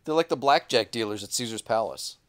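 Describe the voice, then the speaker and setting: A man's voice: mid-range voice, lively intonation, a little fast, a bit bright, clean tone. A man co-hosting a casual podcast chat in a studio, telling profane stories with lots of animation. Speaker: podcast co-host. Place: studio, sitting on couches.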